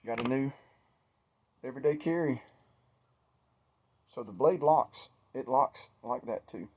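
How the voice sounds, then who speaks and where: In a casual outdoor vlog, a middle-aged Southern man rambles good-naturedly, folksy and self-deprecating, his mid-range voice measured, darkish, and slightly rough. He's still sweaty and shaky from outdoor work, and crickets and insects chirp in the surrounding woods.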